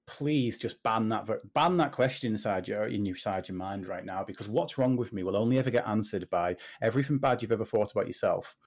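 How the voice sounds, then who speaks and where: A British man speaking as a guest in a casual interview, animated and joking as he gives advice. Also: fairly low pitch. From Britain. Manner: animated, jokey, talks in quick asides. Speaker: podcast guest, confidence coach.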